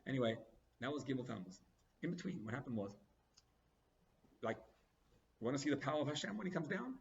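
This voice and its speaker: A male rabbi tells his story at a rapid clip, leaping up and down in pitch as he acts out each exchange. His voice sits mid-range. The recording is a little dull, with faint ambience behind him. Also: vocal fry, slight background noise. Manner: animated, acts out dialogue with big pitch swings. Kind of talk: storytelling sermon.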